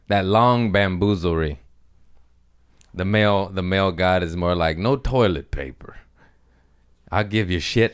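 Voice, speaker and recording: A man's voice: sits low, smooth. A young man hosting a casual solo podcast, rambling and profane, often laughing at his own jokes. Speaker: podcast host.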